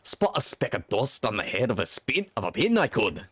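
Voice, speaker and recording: A man's voice: fairly low pitch, big pitch swings, moderate pace, a bit bright, breathy edge, no echo, studio quality, full character voice. Drippy, a man doing a chatty fairy sidekick. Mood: teasing. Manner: chummy, slangy, rambling. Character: cheeky chatty little male fairy sidekick.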